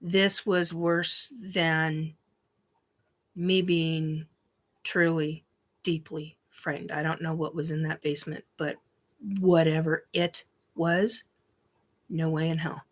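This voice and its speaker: Speaking slowly in a deep voice with little pitch movement, a woman hosting a show recounts a personal story. Her telling rambles, with many ums and restarts, and she's emphatic and swears casually.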